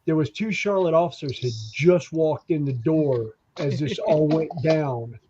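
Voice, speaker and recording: A man telling stories in a casual podcast chat, animated and acting out the voices of the people in his stories. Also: fairly high pitch, a little slow, highs cut off, a crowd in the background. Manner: animated storyteller who acts out quoted voices. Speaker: podcast co-host.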